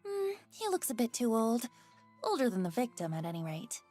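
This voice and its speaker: A woman's voice: on the high side, big pitch swings, normal speed, soft background music, voice pushed up. A woman voicing a cheerful, chatty young woman who runs a corpse business. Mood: upbeat. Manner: bright, chatty, upbeat.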